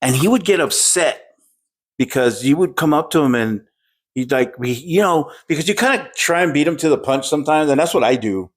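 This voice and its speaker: A man co-hosting a podcast, telling stories in a casual, animated way and swearing freely. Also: on the high side, a little fast. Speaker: podcast co-host. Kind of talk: casual chat.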